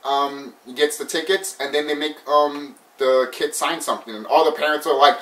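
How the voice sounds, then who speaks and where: A man's voice: fairly high pitch, fairly even intonation, moderate pace, few pauses, a bit bright. Rambling, swearing man in a roomy space. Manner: rambling, swears a lot, laughs often. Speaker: movie reviewer. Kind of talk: casual movie review. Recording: roomy sound from a distant mic.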